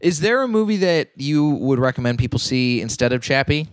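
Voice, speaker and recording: A man's voice: medium pitch, animated, fairly quick, dry recording. Dry-humored man hosting a podcast. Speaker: podcast host. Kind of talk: casual podcast chat.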